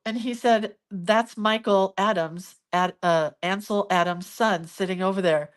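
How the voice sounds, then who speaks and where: A middle-aged woman tells a personal story straight to her viewers in a loose, chatty vlog manner. She is emotional and animated, sighing and laughing between lines, and her voice sits at a middle pitch. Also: a little slow. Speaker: vlogger. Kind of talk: casual storytelling to camera.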